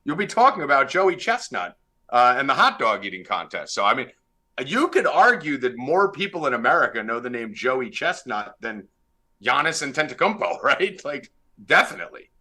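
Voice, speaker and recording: Lively, bright-voiced male podcast host. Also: mid-range voice, moderate pace. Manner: brash, profane, teasing. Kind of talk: casual sports betting chat.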